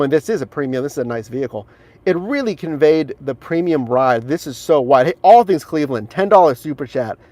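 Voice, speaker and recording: Man, rideshare driver, live-stream car tour, enthusiastic, chatty, slightly high voice, phone camera. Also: a little mellow, dry recording. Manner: enthusiastic, chatty, addresses viewers as guys. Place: in and around a car outdoors. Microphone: handheld phone camera.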